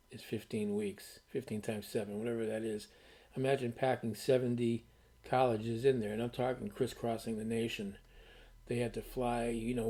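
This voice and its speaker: A man with a dark-toned, mid-range voice hosts his own channel, telling stories to the camera. Originally from Connecticut, he rambles in a casual, conversational way and restarts often.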